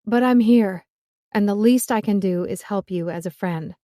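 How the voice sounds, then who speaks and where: A woman voicing a stubborn, caring young woman who speaks firmly and briskly in an audiobook. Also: mid-range voice, dark tone, no echo, studio quality, close to an everyday voice. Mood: sassy. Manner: firm, brisk, cheerfully stubborn. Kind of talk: audiobook character voice.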